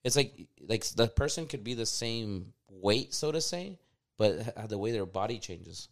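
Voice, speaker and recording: A man in casual chat who tells stories with energy, acts out quotes loudly and swears freely. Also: lowish voice, animated, normal speed, vocal fry.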